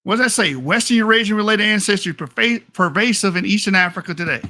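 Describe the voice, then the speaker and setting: A man's voice: sits high, fast talker, bright, forceful tone, no room sound, clean studio sound. A man in a heated online debate, aggressive and profane, hurling insults and reading aloud from research papers.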